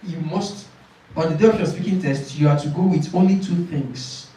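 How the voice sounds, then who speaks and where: A man's voice: fairly high pitch, moderate pace, dark tone. A man teaching an IELTS speaking class. He models exam answers, repeats phrases and keeps asking the class if they understand. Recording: very echoey room, speaker far from mic.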